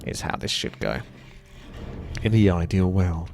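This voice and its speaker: A man's voice: deep voice, lively intonation, measured pace, vocal fry, a little mellow, soft background music. A man giving casual, chatty gameplay commentary while he plays, joking at himself and reading viewer comments aloud.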